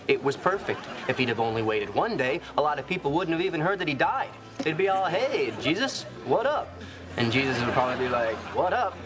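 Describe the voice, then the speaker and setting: An actor playing a brash, boastful womanizing friend in a sitcom. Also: fairly high pitch. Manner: cocky, boastful. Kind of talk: sitcom acting.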